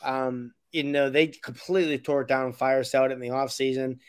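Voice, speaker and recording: A man's voice: mid-range voice, flat delivery, a little fast, clean tone, no room sound. A man co-hosting a casual sports podcast, opinionated and blunt, rambling with restarts. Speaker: podcast co-host.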